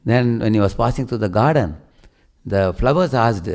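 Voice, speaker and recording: A preacher delivers a devotional sermon in a medium-pitched voice at normal speed. He's an animated storyteller who frequently poses questions to his listeners.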